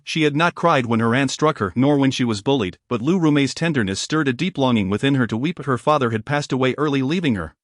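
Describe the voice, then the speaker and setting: A man narrates a storybook tale at an even, measured pace. His voice sits in a middle register. The recording is close and dry, with no room sound. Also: medium pitch, dry recording.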